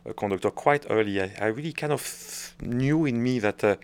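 A man's voice: mid-range voice, moderate pace, clean tone. A middle-aged French man with a French accent, a conductor answering interview questions, hesitant and searching for words with frequent restarts. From France.

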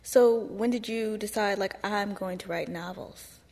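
A woman interviewing an author on stage, asking halting questions that she rephrases mid-sentence. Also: mid-range voice, darkish tone. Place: hall with a live audience. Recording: long reverb in a large hall.

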